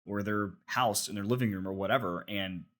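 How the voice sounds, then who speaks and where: Low-voiced guy on a podcast, rambly, lots of likes and ums. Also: a little fast, a bit bright. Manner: rambling, filler-heavy storytelling. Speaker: podcast co-host. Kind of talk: casual chat.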